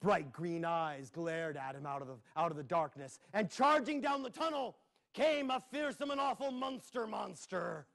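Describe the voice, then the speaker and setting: A man's voice: sits high, animated, normal speed, vocal fry, a bit bright. A man telling a playful tale to children at a library, with sound effects and asides. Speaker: storyteller. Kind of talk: live storytelling for children. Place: public library.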